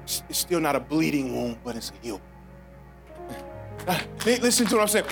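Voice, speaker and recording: Guest preacher, male, high-pitched, dynamic sermon delivery, faint music bed. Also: expressive, moderate pace, pauses often. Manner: preaching with big swings from hushed to shouted; casual, conversational with playful voiced asides.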